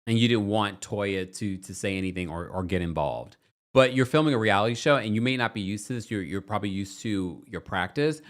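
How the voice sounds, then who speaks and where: A man's voice: mid-range voice, a bit bright. A man hosting a reality TV recap, reading viewer comments and giving sassy, dramatic commentary.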